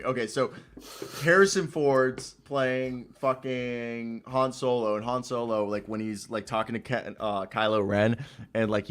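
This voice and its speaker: A man's voice: medium pitch, fairly bright tone. A young man from Minnesota talks casually as co-host. His stories ramble and run loose, with plenty of swearing. The talk stays loose and unscripted. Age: young adult. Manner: rambling, profane storytelling. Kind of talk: casual chat.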